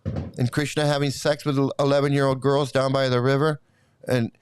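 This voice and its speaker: A man's voice: medium pitch, flat delivery, normal speed, clear, resonant tone. A middle-aged man giving an angry, profane commentary rant, repeating himself heatedly. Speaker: YouTube commentator.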